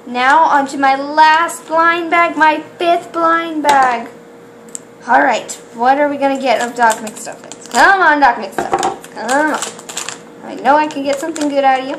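A woman opening toy blind bags on camera in casual chat, excitable and gasping, who rambles with trailing restarts. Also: sits high, unhurried, background noise. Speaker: toy unboxing vlogger.

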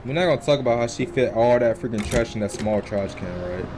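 Animated young man joking through a game. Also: medium pitch, fast. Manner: animated, joking, trash-talking the characters. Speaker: gaming YouTuber. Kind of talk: casual let's-play commentary. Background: video game music.

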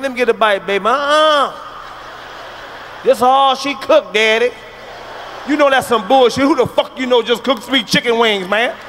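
A man doing a stand-up comedy routine, brash and profane, breaking into sudden shouted bursts. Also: very high-pitched, a little hiss or hum.

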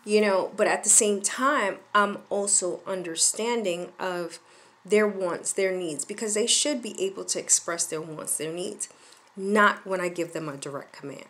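A woman's voice: mid-range voice, measured pace, fairly bright tone. A middle-aged woman giving parenting advice in casual talk to the camera, firm and emphatic, and she repeats her points.

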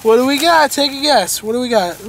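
A man's voice: very high voice, vocal fry, slight background noise. A young man in his early twenties hosting a casual shopping vlog, joking and rambling playfully while browsing a big store. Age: 20s. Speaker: vlog host.

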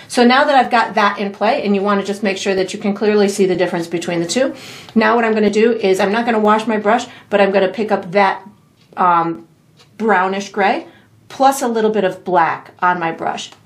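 Chatty woman teaching a painting class. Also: medium pitch. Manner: easygoing, chatty, with light laughs and fillers. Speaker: painting instructor. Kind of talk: step-by-step painting tutorial.

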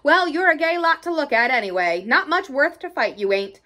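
Long John Silver, a gruff old pirate, read by a woman. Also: high-pitched, lively intonation, fairly quick, pushed and bright. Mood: menacing. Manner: menacing, growling drawl. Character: gruff cunning old male pirate cook. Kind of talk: audiobook character reading.

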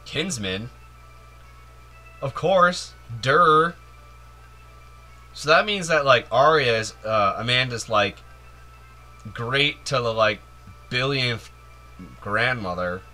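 A man's voice: medium pitch, lively intonation, slow, pauses often, pushed and bright, soft background music. A man giving playful, giddy commentary while playing a video game, joking and cheering, with many "like"s. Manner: playful, giddy, jokey, lots of "like" and "yay". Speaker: video game let's player. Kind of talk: casual gameplay commentary.

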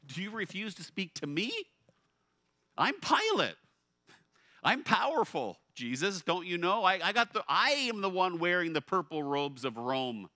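A man's voice: high voice, very animated, a little slow, bright, forceful tone, no room sound, studio quality, voice pushed up, full character voice. A man voicing a proud, boastful Roman governor who is full of his own importance. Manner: blustering, self-important.

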